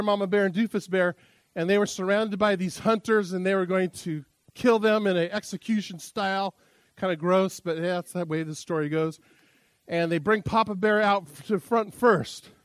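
A man's voice: high voice, no echo. A man preaching as a pastor, talking in a loose, conversational, self-amused way and opening with a joke. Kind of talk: casual sermon with a joke.

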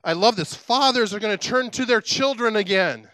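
Middle-aged man, pastor, sermon, animated storytelling, bright forceful tone, dry sound. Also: high voice, normal speed, clean tone, dry recording. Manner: animated storytelling with chatty asides.

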